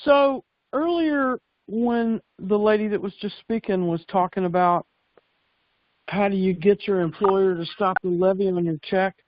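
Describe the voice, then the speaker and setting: A man's voice: high voice, unhurried, no echo. A man calling in to a conference call, asking a question and repeating words as he starts. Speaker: caller. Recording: dull dry conference call line.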